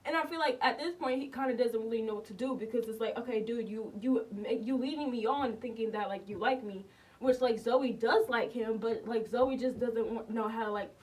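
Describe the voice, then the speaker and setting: A woman's voice: on the high side, brisk, darkish tone, recorded from a distance, rough recording. A young woman casually reacting to and reviewing a TV episode, rambling with lots of fillers and repeated words. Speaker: TV reaction vlogger.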